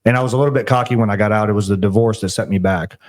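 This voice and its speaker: A man's voice: on the low side, steady tone, racing. Earnest male podcast co-host. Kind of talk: casual Christian podcast chat.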